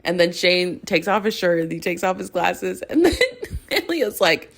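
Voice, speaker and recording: A woman's voice: lowish voice, lively intonation, moderate pace, gravelly. A young woman hosting a podcast, gushing in a rambling casual chat full of "like" and laughter as she recaps a TV episode. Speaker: podcast host.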